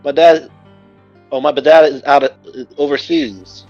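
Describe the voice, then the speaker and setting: A man voicing a timid, polite bullied teenage boy who speaks softly and hesitantly, on a muffled recording. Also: fairly high pitch, flat delivery, measured pace, soft background music, lightly acted.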